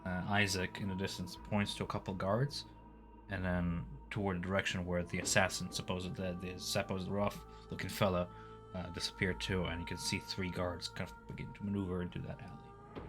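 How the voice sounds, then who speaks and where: A man's voice: low voice, moderate pace, music in the background. A man narrating a tabletop role-playing session as game master, describing scenes in a loose way with many fillers. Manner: relaxed, filler-heavy narration.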